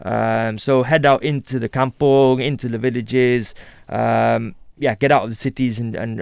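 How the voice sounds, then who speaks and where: Male guest in his thirties, from the UK; easygoing, filler-heavy talker with a smooth, dry voice. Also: mid-range voice, dry recording. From United Kingdom. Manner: chatty, many fillers and restarts. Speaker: guest TV host. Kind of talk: casual radio interview.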